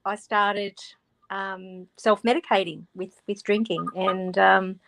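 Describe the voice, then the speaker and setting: A woman's voice: mid-range voice, steady tone, takes it slowly, creaky, a bit bright. Woman, Australian accent, author guest, casual chat, video call, laughing, loose delivery. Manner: chatty, laughs often, restarts words.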